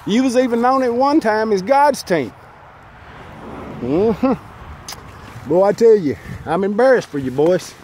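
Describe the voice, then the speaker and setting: A man with a drawl talks bitterly and preachily, as if scolding someone right in front of him. His voice sits high and jumps around a lot. He is recorded outdoors, with faint noise around him. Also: expressive, slow pace, long pauses, a little mellow. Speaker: fan burning team memorabilia. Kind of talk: angry outdoor monologue to camera. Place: outdoors by a fire.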